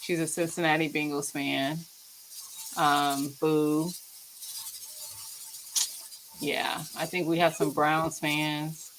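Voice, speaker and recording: Lively woman chatting football at home. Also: low-pitched, slow, long pauses, a little hiss or hum, low-quality recording. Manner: animated, trash-talking football fan. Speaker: cooking channel host. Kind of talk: casual livestream chat.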